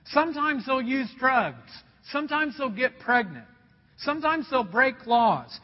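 In a dull recording with long hall reverb, a pastor from Indiana relates a personal story in his sermon, earnestly speaking to his folks. His voice is very high and expressive, moving a little slowly.

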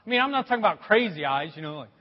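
A middle-aged pastor delivers a sermon in a high, very lively voice, telling stories in a big animated way. The sound is dull and carries a long reverb from a large church hall. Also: male voice, very fast. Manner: animated storytelling with a lot of pitch swings.

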